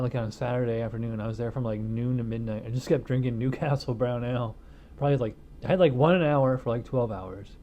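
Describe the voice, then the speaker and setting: A man's voice: mid-range voice, dark tone, highs cut off, slight background noise. A middle-aged man reviewing a beer on his own channel, talking in a loose, rambling way with lots of fillers. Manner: rambling, filler-heavy, laid-back. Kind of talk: casual chat.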